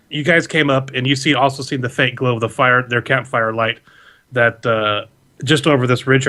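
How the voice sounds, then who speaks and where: A man narrates a tabletop adventure as game master, rambling easily and correcting himself as he goes. His voice sits at an ordinary middle pitch, and he talks over a video call. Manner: relaxed, rambling, with fillers and self-corrections.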